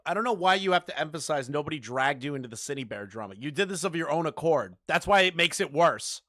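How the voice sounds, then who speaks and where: A man giving sarcastic, profane reaction commentary, mocking what he hears and breaking into loud outbursts. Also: a little high, expressive, quick pace, dry recording. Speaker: commentary YouTuber. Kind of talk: reaction commentary over a call recording.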